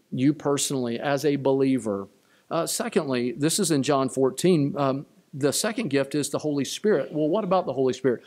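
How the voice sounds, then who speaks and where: A man's voice: medium pitch, darkish tone. A man preaching a sermon as pastor of his church, emphatic and repeating key lines. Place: church sanctuary.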